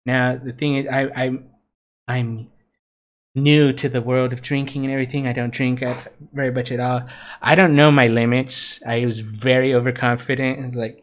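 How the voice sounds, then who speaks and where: A man's voice: medium pitch, level tone, moderate pace. A young man co-hosting a podcast, casually telling a drunk story with laughs and swearing. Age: young adult. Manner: laughing, profane, self-mocking. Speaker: podcast co-host.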